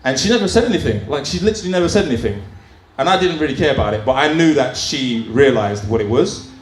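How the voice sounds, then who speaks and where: A man's voice: mid-range voice, animated, fast talker, a little hiss or hum. A man doing open mic stand-up in a small comedy club, telling crude stories in a chatty way full of fillers. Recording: roomy club sound, faint ambience.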